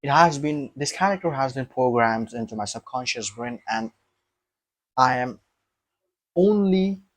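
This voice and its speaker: A man's voice: mid-range voice, animated, unhurried, long pauses, no room sound. A young man vlogging to his camera, thinking aloud in an emphatic, rambling way, repeating himself and swearing.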